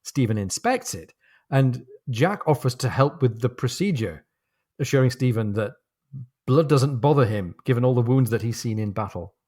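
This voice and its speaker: A man co-hosting a podcast, chatting casually about a novel and reading passages aloud slowly and deliberately. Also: medium pitch, lively intonation, darkish tone. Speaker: podcast co-host. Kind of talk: casual book discussion with read-aloud passages.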